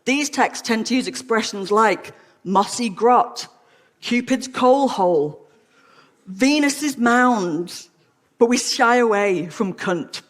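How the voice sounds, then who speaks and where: A woman's voice: a little high, animated, slow pace. An Englishwoman giving a humorous public talk in a frank, witty, playful way. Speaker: lecturer. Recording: long hall reverb.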